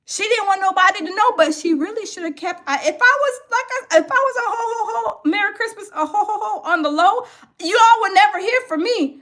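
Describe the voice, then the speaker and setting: A woman hosting a gossip reaction show, animated and laughing as she talks straight to her viewers. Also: very high-pitched, brisk. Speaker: commentary host.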